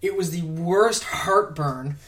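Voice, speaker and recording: Man, fairly high voice, casual podcast guest, rambling, laughs a lot, swears casually. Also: slow pace, fairly bright tone. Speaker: podcast guest, props worker. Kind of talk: casual chat.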